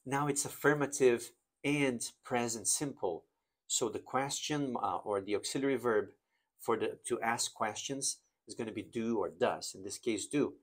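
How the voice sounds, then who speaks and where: Husky man teaching English grammar. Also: mid-range voice. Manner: explains slowly, reads example sentences with exaggerated intonation. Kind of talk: grammar lesson to camera.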